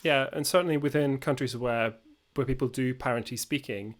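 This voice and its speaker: A man's voice: medium pitch, brisk. Norwegian-born man in his twenties, casual podcast co-host, explanatory, full of "you know". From Norway. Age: young adult. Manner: explanatory, frequent fillers and you-knows. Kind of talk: casual chat.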